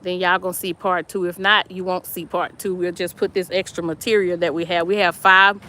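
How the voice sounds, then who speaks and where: A woman's voice: on the low side, little pitch movement, fairly quick, sharp tone. Lady chatting on a phone live from the yard, laughs a lot, reads out comments. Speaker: vlog host. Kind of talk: casual live-stream chat. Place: outdoors in a yard.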